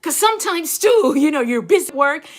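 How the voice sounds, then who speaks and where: Animated Caribbean woman hosting a casual livestream, mid-pitched to high, pedalling a bike as she talks. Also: fairly quick. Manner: chatty and animated, laughs often, talks to viewers. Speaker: nurse and life coach, livestream host.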